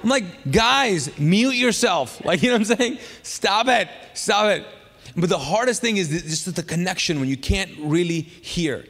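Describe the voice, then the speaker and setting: A man preaching a sermon as pastor, lively and chatty, acting out funny stories with sudden loud bursts. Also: high voice, moderate pace, in a large hall. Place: church sanctuary.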